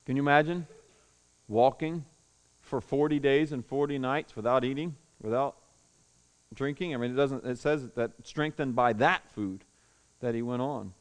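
A man preaching a sermon to a congregation in a room, telling the story with animated swings between loud declaiming and hushed tones. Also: mid-range voice, moderate pace, clear, resonant tone. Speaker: pastor.

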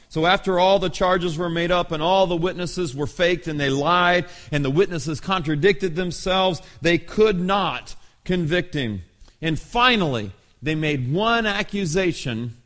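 A middle-aged male pastor preaching a sermon, telling the story with dramatic pauses and laughter. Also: fairly high pitch, a bit bright.

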